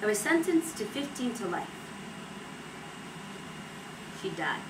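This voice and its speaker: A woman's voice: mid-range voice, a little fast, far from the mic, lightly acted. An actress playing a young woman from a Puerto Rican family in a stage monologue, speaking in a wry, matter-of-fact way. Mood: somber. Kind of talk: stage monologue based on an interview. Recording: echoey stage recorded from afar, steady noise.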